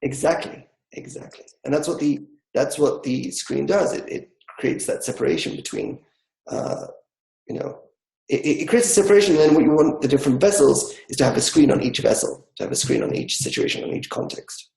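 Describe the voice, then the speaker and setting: A man's voice: a little high, lively intonation, a little fast, vocal fry, darkish tone, echoey room, rough recording. A man teaching a discussion class, explaining with everyday examples and acting out inner dialogue.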